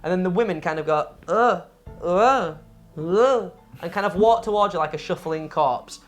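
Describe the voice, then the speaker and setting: A woman's voice: on the low side, quick pace, soft background music. A woman co-hosting a game review show, ranting about a game in casual, profane, exasperated chat.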